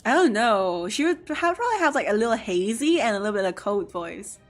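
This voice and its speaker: Excitable young woman streaming a game. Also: mid-range voice, brisk, faint music behind. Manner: chatty, excitable, full of "like" and "I don't know". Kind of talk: casual gaming stream chat.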